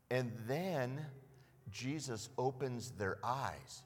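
Lively pastor in an echoing hall. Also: male voice, medium pitch, slow. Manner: animated storytelling, acting out voices. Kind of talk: sermon. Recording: long hall reverb.

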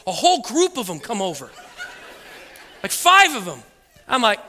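A man preaching to his church, telling a funny personal story with lively acted-out voices and laughter. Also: high voice, moderate pace, pauses often, a little hiss or hum. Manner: animated storytelling, acts out voices and beeps, laughs often. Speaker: pastor. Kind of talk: sermon with a comic personal story. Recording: echoey hall with long reverb.

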